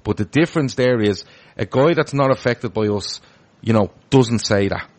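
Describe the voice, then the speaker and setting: A man's voice: mid-range voice, moderate pace, darkish tone. A man hosting a casual football podcast, chatty and full of restarts as he reads out viewer comments. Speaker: podcast host.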